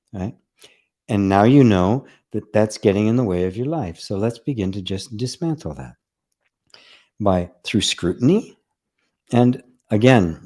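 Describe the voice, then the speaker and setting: A man giving a casual spiritual talk on a live stream, reading out viewer comments, relaxed and conversational with frequent laughs and "right?". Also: on the low side. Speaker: spiritual teacher and host.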